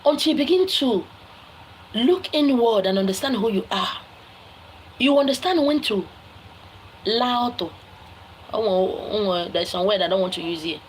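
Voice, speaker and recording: A woman's voice: mid-range voice, expressive, a little slow, pauses often, a little hiss or hum, low-quality recording. A woman giving relationship advice in a scolding, emphatic lecture full of rhetorical questions. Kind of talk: preachy lecture to listeners.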